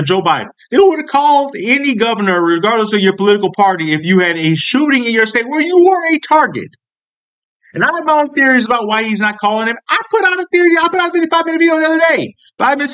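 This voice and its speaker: Male commentator, high and animated delivery, angry profane ranting, frequent restarts. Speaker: political commentary vlogger. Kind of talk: angry political rant.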